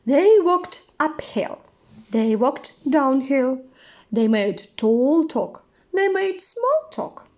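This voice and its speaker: A woman reads a children's picture book aloud at a very slow, careful pace. Her voice is high and lively, rising and falling in a sing-song way. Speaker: storyteller. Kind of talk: children's story read-aloud.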